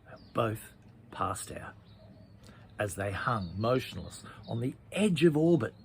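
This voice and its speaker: A man reading a children's story aloud, chatty, with asides and hushed passages. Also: mid-range voice, big pitch swings, slow pace, gravelly, slight background noise.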